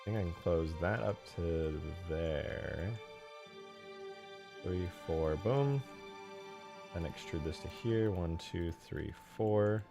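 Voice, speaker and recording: A man streaming as he builds a game mod, chatting casually while he works. He mutters quietly as he models, then bursts out loudly to thank viewers. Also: deep voice, slow pace, vocal fry, pauses often, over music.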